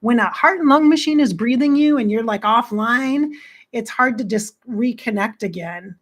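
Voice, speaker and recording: A blunt, plain-spoken woman giving casual life coaching straight to her audience. Her voice sits at an ordinary middle pitch. She talks in a chatty way and swears without hesitation. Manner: frank, blunt, swears freely; chatty, quotes herself with "I'm like". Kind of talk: casual motivational talk to camera.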